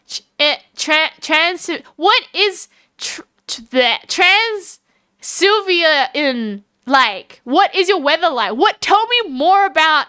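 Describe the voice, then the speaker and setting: Australian woman, livestreamer, high clear tone, bubbly and rambling. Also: expressive, pushed and bright, dry recording. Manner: chatty and giggly, talks to chat and calls herself by name; fast, rambling talk with many fillers. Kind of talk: casual chat with viewers.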